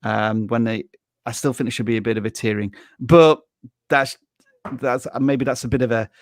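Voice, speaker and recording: A man's voice: medium pitch, fairly even intonation, normal speed, no room sound, clean studio sound. A man from Yorkshire with a Yorkshire English accent, co-hosting a live Q&A chat in a frank, opinionated way. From Yorkshire, England. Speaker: co-host.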